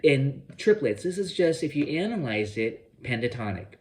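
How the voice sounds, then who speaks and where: A man's voice: mid-range voice, very animated, normal speed. A man giving a guitar lesson, explaining phrasing and scat-singing the rhythms he means. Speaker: guitar teacher. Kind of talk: instructional explanation. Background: loud guitar playing.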